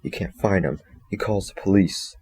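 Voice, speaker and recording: A man's voice: sits low, moderate pace, a little mellow, husky. A man reviewing a story in a casual, rambling way, reading passages aloud and breaking off with joking asides and self-corrections.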